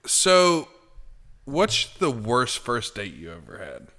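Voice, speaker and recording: A man's voice: mid-range voice, huge pitch swings, takes it slowly, pushed and bright. A man co-hosting a podcast, asking questions and cracking crude jokes in casual chat. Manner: crude joking interjections. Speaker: podcast co-host.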